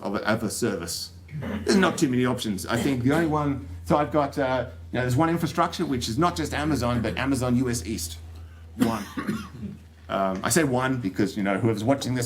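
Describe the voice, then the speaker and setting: An Australian man giving a technical talk to an audience, joking and rambling with plenty of fillers and restarts. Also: medium pitch. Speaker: conference speaker. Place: conference room.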